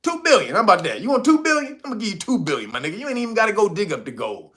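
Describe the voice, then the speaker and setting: A man doing a wheedling rich-country big shot, voice jumped way up high and bright, cocky and coaxing, swearing as he shoves cash at you. He slips into it mid-rant. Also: very animated, very fast, full character voice. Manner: wheedling, profane, pushing money on someone. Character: pushy mocking man personifying a rich nation.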